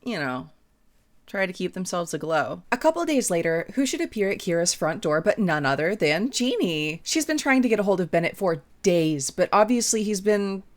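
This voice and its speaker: A woman with a fairly low voice recaps a romance novel in a loose, chatty way. She is from the American South and keeps breaking in with dry, sarcastic asides. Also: very animated, moderate pace. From Southern United States. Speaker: book reviewer. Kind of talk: casual book recap and commentary.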